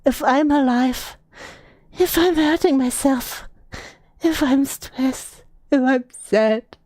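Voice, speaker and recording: A woman's voice: high-pitched, takes it slowly, mellow, dry recording. Woman doing a whiny, clingy young man. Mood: pleading. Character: clingy apologetic young man in text messages.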